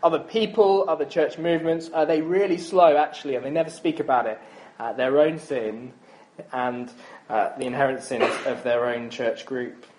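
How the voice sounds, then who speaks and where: A man's voice: mid-range voice, fairly even intonation, moderate pace, a little mellow, poor audio. A man in his thirties preaching a sermon in a chatty, self-deprecating way, with frequent ums and asides.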